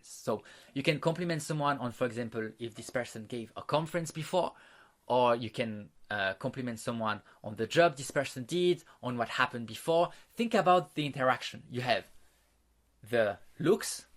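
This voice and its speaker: A man's voice: medium pitch, expressive, moderate pace, a bit bright. A man teaching an online social skills course, explaining step by step with frequent fillers and restarts. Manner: walks listeners through exercises and demonstrations.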